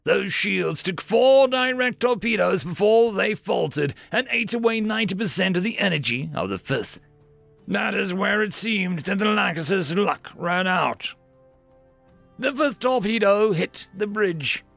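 A man narrating a science fiction story in a steady, measured way. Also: sits high, creaky, no room sound, soft background music. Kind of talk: scripted sci-fi story narration.

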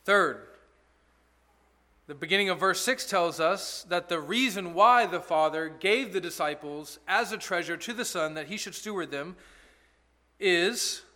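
A man's voice: a little high, bright, forceful tone. A male pastor giving an expository sermon in an earnest, conversational way, asking rhetorical questions.

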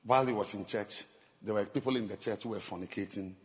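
A male pastor preaching a sermon, animated and laughing, firing rhetorical questions at the congregation. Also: fairly low pitch, fast talker, in a large hall.

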